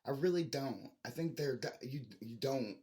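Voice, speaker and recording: A man's voice: mid-range voice, lively intonation, moderate pace, warm tone. A man talks straight to his camera in a long, rambling rant. He sounds frustrated, swears freely and keeps restarting his sentences. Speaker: vlogger.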